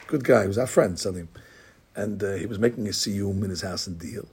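A man's voice: fairly low pitch, fairly quick, creaky, darkish tone, husky. A middle-aged man, a rabbi, gives an informal Torah class, talking conversationally with digressions and many restarts.

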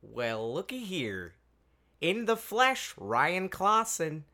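A man's voice: a little high, huge pitch swings, takes it slowly, pushed and bright, pitched above the performer's own voice, full character voice. A man playing a friendly, folksy rural man with a Canadian accent in an improvised comedy podcast skit, talking with a hospitable drawl.

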